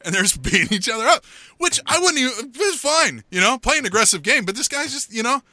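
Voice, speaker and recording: A middle-aged man co-hosting a podcast in casual chat, telling a story in an animated way and acting out what people said. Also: extremely high pitch, fast, no echo. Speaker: podcast co-host.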